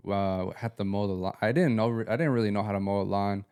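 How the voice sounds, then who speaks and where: A man's voice: on the low side, fairly even intonation, fast, darkish tone, smooth. A young man co-hosting a podcast, telling slangy, laid-back stories. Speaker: podcast co-host. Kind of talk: casual chat.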